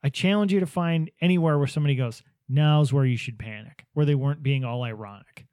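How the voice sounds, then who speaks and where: A podcast host who also owns a business chats casually, telling anecdotes, acting out what people said, and laughing easily. His voice is on the high side, mellow, and brisk, captured in a dry recording.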